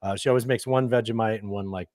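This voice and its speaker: Podcast host man, jokey and animated, dry studio sound. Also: fairly low pitch, fast talker, no room sound. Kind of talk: casual podcast chat.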